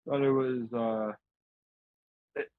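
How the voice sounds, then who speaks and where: A man's voice: mid-range voice, fairly even intonation, takes it slowly, no echo. A man co-hosting a podcast, reacting and chatting casually. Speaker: podcast co-host. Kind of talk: casual chat. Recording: tinny phone-like remote line.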